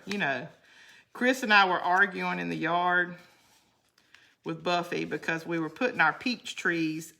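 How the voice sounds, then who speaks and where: A middle-aged woman, chatting in a rambling way and laughing often as she hosts a crafting video. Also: lowish voice. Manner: chatty and rambling, laughs often, drops to a quiet count under her breath. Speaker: crafting channel host. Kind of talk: casual chat while crafting.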